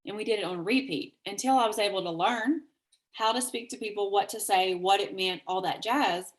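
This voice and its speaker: A woman from Kentucky with a Southern accent, giving an energetic, chatty sales pitch over a video call and acting out quoted messages with big jumps in pitch. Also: normal speed. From Kentucky, USA. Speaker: network marketing presenter.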